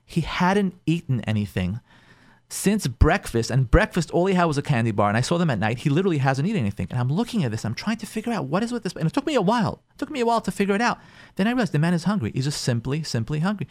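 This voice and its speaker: With no room sound in the recording, a rabbi who hosts a call-in advice show shares a counseling story and gives advice, repeating phrases to stress them. He talks fast in a voice on the high side with big pitch swings, performing the people he quotes in shifting voices.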